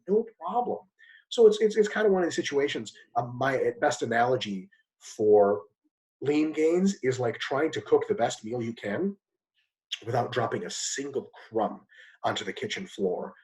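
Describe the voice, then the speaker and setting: A man's voice: animated, a little mellow, rough recording. A man answering interview questions bluntly and emphatically, swearing casually as he explains. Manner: fast with sudden pitch jumps. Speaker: guest expert.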